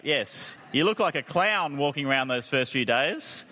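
A man's voice: medium pitch, moderate pace, pushed and bright. A man preaching a sermon in a conversational way, with jokey asides. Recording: long reverb of a hall.

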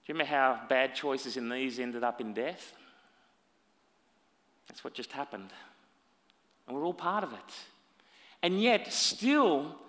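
A man delivers a sermon in a reverberant hall, his voice bright and a little high. He leans hard into emphatic phrases, then pulls back to quiet, confiding remarks, and the long room echo trails after each line. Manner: dramatic, swinging between loud emphasis and hushed asides. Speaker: preacher.

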